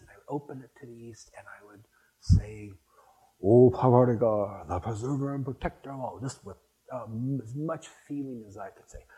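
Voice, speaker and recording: An older man reminisces to a spiritual gathering, rambling through anecdotes and restarting often. His medium-pitched voice has a darkish tone, and the recording is rough.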